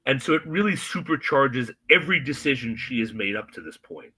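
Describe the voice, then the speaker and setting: A man co-hosting a podcast, chatting casually and retelling a TV scene with animated, acted-out quotes. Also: mid-range voice, brisk, slightly rough, low-quality recording. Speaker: podcast co-host. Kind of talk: casual chat recapping a TV episode.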